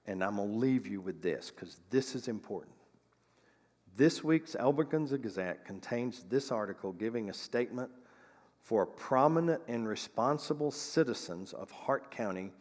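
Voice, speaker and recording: A man's voice: on the low side, in a large hall. A man presenting local history, reading an old newspaper account aloud with chatty asides, in a church sanctuary.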